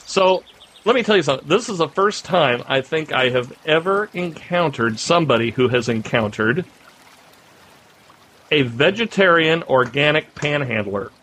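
A man co-hosting a podcast, telling a long anecdote in casual chat and getting animated as the story builds. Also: moderate pace, a little hiss or hum. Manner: animated storyteller, rising pitch when excited. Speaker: podcast co-host.

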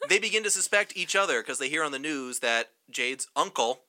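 A man co-hosting a casual podcast, recapping a film plot in a relaxed, joking way. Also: fairly high pitch, fairly quick, heavy background noise. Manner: relaxed storyteller, slips into joking voices. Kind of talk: casual chat.

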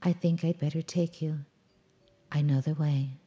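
A woman voicing a wise old female owl who gently scolds and teases a boy. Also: low voice, steady tone, measured pace, highs cut off, soft background music. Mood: firm. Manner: gently scolding, prim questions.

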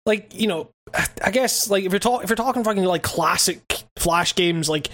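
Halting young man, fairly high voice. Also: fairly bright tone. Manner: rambling, halting, many fillers and swearing. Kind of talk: casual chat.

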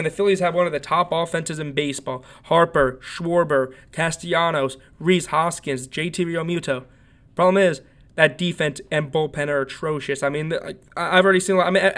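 A man's voice: a little high, fairly bright tone. A man hosting a solo sports podcast, talking casually and rambling with many fillers and restarts. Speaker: podcast host.

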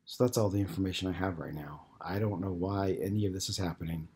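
A man's voice: low voice, fast talker, darkish tone, a little hiss or hum. A man voicing an uneasy young skeptic. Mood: earnest. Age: 20s.

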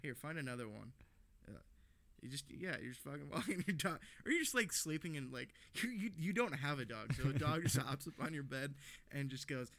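A man's voice: fairly high pitch, sing-song, fairly quick, creaky, pushed and bright, no room sound. A young man co-hosting a podcast, rambling and swearing with lots of laughs in casual chat. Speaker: podcast co-host.

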